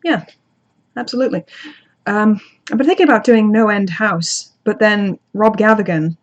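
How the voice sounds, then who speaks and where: A woman's voice: medium pitch, moderate pace, dull audio. Chatty woman streamer answering chat. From outside the United States. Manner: chatty, self-deprecating, frequent restarts. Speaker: channel host reading live chat. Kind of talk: casual livestream chat.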